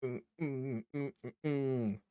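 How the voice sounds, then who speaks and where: A man's voice: medium pitch, steady tone, takes it slowly, dark tone, clear, resonant tone, no echo. A man streaming a game, chatting casually, joking around, swearing now and then and humming to himself. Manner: joking, loose, swears freely, hums to himself. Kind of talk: casual gameplay chat.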